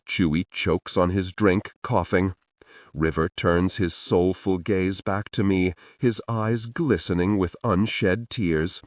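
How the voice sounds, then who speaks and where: A man narrating a romance audiobook in the first person, expressive and deliberate. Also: sits low, no room sound, clean studio sound.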